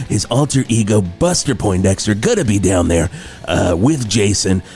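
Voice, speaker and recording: A corny male rock radio host, played by a man, rambles through his morning patter. His voice sits low but swings widely in pitch. Faint music plays underneath. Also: animated, normal speed, dark tone. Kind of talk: improvised comedy.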